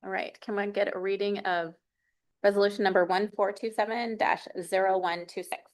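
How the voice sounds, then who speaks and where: A woman's voice: medium pitch, level tone, poor audio. Woman mayor running a council meeting. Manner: brisk procedural. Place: city council meeting over video call.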